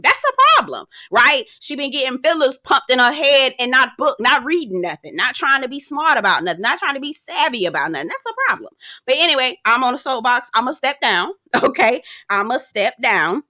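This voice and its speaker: A woman's voice: fairly high pitch, pushed and bright, no echo, studio quality. A woman giving a sassy, profanity-laced casual recap of a TV show, laughing often as she talks. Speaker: TV recap reviewer. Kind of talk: casual commentary.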